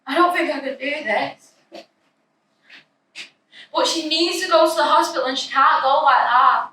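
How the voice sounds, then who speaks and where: A woman's voice: high voice, normal speed, sharp tone. A young woman narrating her own story in the first person, in an anxious, breathless, confessional way. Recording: echoey room, distant mic, faint noise.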